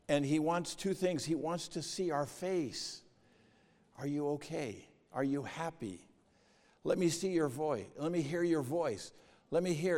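Slow-speaking man preaching in a hall. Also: mid-range voice, a little mellow. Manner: measured, reads outline points and scripture, grows emphatic. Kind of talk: sermon. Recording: long reverb of a hall.

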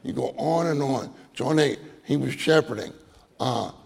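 A man giving a conversational sermon, halting and repeating words and often checking in with his listeners. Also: mid-range voice, creaky, darkish tone, breathy edge, in a large hall. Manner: halting, repeats words, asks the audience "right?". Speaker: preacher.

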